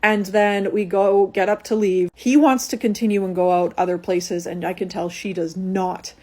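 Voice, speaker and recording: A woman's voice: medium pitch, moderate pace. A young adult woman telling a personal story in a casual, chatty way, with lots of "like" as she talks. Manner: chatty, animated retelling with frequent "like".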